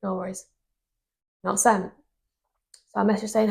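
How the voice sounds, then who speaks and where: Woman, gravelly storyteller. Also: medium pitch, a little slow. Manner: animated storytelling, indignant. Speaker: podcast co-host. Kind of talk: casual chat.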